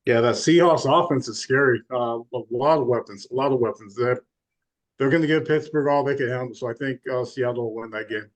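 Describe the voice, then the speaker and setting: A man's voice: medium pitch, a little fast. Man, co-host, casual sports talk, brief agreeable remarks.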